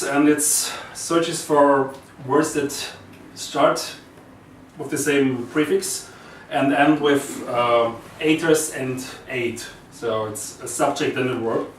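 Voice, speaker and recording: A man's voice: mid-range voice, slight background noise. A man from Austria whose first language is German, presenting his poems live in a small gallery and explaining each piece in plain words with many fillers. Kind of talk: live reading with spoken introductions. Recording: echoey room, mic far off.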